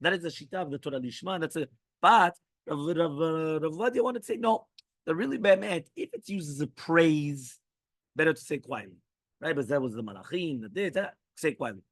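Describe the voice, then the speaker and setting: Fast-talking rabbi reading and explaining a text. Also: male voice, on the high side, animated, dry recording. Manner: reads quoted passages, then breaks in with quick asides and "right?". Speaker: rabbi teaching halacha.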